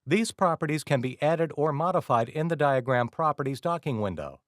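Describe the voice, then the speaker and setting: A man giving scripted, measured narration for a software tutorial. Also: a little high, lively intonation, dry recording, studio quality. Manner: measured, instructional.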